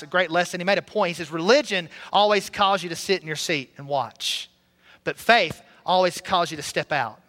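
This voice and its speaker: This pastor from Alabama has a fairly high, sharp voice as he preaches a sermon in a church sanctuary. He earnestly tells his own story and sometimes breaks into song, with hall reverb on the recording.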